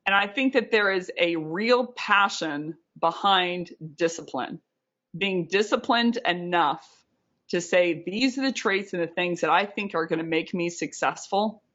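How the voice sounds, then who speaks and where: A woman with a slightly low voice co-hosts a podcast, speaking in an earnest, reflective way. She often restarts her sentences, and the sound is a bit muffled. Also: a little slow, fairly bright tone. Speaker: podcast co-host. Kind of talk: casual podcast monologue.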